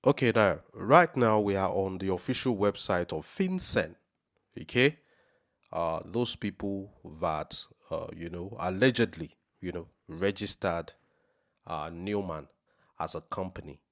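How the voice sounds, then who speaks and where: A man hosting a scam-review video, talking viewers through a website on screen, emphatic and checking in with "okay?", rereading passages slowly for emphasis. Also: deep voice. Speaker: host of a scam-review channel. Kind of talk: screen-share walkthrough commentary.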